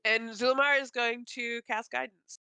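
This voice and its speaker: A woman's voice: a little high, steady tone, unhurried, bright, forceful tone, clear, resonant tone, no echo. A woman playing a tabletop game, hesitant and thinking aloud. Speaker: player. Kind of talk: casual tabletop role-play.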